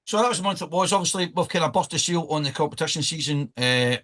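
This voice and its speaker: A man's voice: fairly high pitch, fast talker, a bit bright. A Scottish man hosting a podcast, joking and rambling in casual banter. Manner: joking, rambling, laughs often. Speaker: podcast host.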